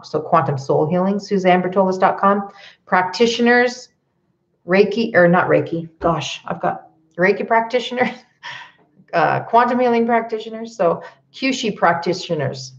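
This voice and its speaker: A woman's voice: mid-range voice, lo-fi sound. A woman healer doing a live card reading, advising viewers in a conversational way, often checking in with "okay?" and laughing lightly. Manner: laughs lightly between points.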